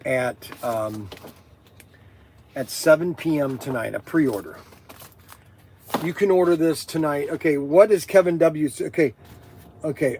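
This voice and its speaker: Male livestream host, excitable and teasing, unhurried delivery with a high voice. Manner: excitable, rambling, laughing, teasing. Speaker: livestream host of a toy shop. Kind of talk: casual livestream chat, reading viewer comments.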